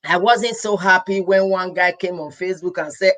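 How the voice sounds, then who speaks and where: A woman's voice: medium pitch, steady tone, moderate pace, few pauses, fairly bright tone. A young adult woman from Edo State in Nigeria, with a Nigerian accent, hosting a casual live stream as a healthcare professional. She talks earnestly and pleads, repeating her words and slipping into Pidgin.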